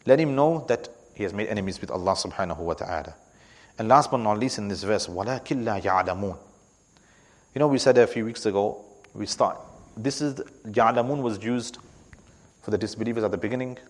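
A man teaching scripture in a weekly class, speaking with emphasis, repeating key words and often checking in with "right?". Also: lowish voice. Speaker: religious teacher. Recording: long echoing reverb of a hall.

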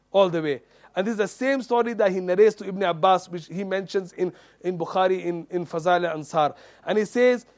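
High-voiced man telling a sermon story. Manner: animated retelling, acts out quoted dialogue, many fillers. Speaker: Islamic preacher.

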